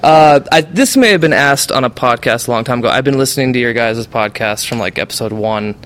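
A man's voice: medium pitch, fairly quick, a bit bright. Hesitant man asking from the audience. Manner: hesitant, filler-heavy. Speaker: audience member asking a question. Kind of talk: casual chat.

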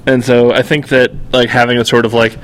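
A man's voice: mid-range voice, fairly quick. Rambling man on a podcast. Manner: rambling, heavy use of "like", animated retelling. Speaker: podcast co-host. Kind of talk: casual chat.

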